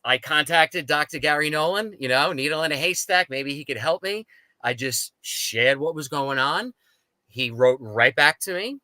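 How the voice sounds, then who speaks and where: A man's voice: fairly high pitch, moderate pace, no room sound, poor audio. A man, a guest on a talk show, telling his story casually and animatedly, acting out the people he quotes. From United States. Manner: animated, acts out quoted dialogue.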